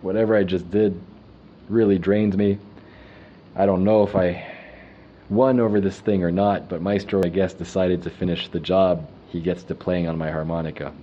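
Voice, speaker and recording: A man calmly telling a personal story in the first person, reflective and unhurried. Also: low-pitched, dull audio, a little hiss or hum.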